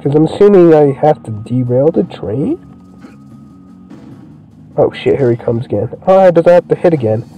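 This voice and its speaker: A young man giving profane, excitable commentary while playing a video game. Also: fairly high pitch, normal speed, pauses often, phone-quality sound, soft background music. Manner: profane, excitable, swears constantly. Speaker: gameplay streamer. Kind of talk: let's play commentary.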